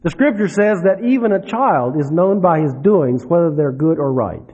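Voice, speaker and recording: A man preaching a sermon, dropping low and soft then rising for emphasis. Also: expressive, moderate pace, breathy edge. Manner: dramatic, swings between soft drops and rising emphasis. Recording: dull lo-fi recording.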